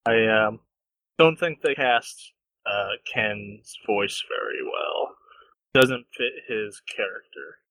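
A man's voice: on the low side, takes it slowly, pushed and bright, no room sound, rough recording. Easygoing young man co-hosting a podcast. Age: young adult. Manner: easygoing, hesitant, opinionated. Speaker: podcast co-host. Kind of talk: casual chat.

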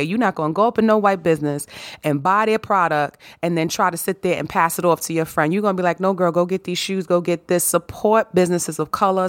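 A woman hosting her own podcast, hoarse and raspy from a sore throat, talking straight to her listeners in a sassy, preachy motivational monologue. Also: fairly low pitch, no echo, studio quality. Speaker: podcast host.

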